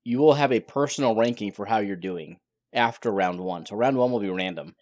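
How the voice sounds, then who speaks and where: A man's voice: fairly low pitch, fairly quick, darkish tone, no room sound. A man on a podcast explaining how a tournament works, matter-of-fact and correcting the others. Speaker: podcast co-host. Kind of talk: casual chat.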